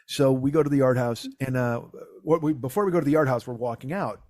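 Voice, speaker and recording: A man's voice: mid-range voice, quick pace, no room sound, studio quality. A middle-aged man hosting a comedy podcast, telling a story in casual chat, swearing freely and acting out both sides of the dialogue. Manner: profane, animated, acts out quoted dialogue.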